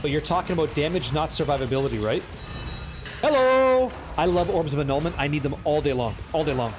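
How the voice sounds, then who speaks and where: Excitable high-voiced gamer guy. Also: a little fast, soft background music. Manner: excitable, profane, bantering with chat. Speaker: game streamer. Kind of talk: live gameplay commentary chatting with viewers.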